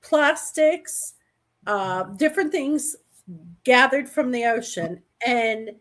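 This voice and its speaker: A woman's voice: high-pitched, animated, takes it slowly, a bit bright. A woman co-hosting a live stream over a video call, describing things in a rambling, chatty way. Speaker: co-host. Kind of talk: casual chat.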